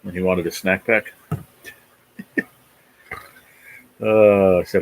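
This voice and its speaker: A man's voice: low-pitched, steady tone, slow pace, creaky, pauses often, no room sound, poor audio. A man in his forties from New Jersey, hosting a rambling, profane livestream chat with viewers. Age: 40s. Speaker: livestream host. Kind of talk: casual chat reading viewer comments.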